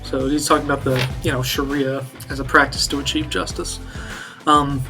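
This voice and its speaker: A man's voice: medium pitch, level tone, moderate pace, over music. A man vlogging in a rambling, filler-heavy, dismissive way as he recounts an online chat.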